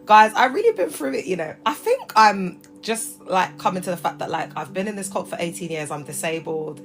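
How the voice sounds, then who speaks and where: A British woman hosting a casual livestream chat, talking in lively slang and laughing often. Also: fairly low pitch, fairly quick, soft background music. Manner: chatty and animated, laughs often, heavy slang. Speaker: livestream host.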